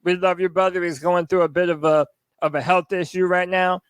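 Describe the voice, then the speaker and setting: Hyped high-voiced podcast co-host man. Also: brisk, clear, resonant tone, no echo. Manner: hyped, energetic, shout-outs. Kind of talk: casual sports podcast chat.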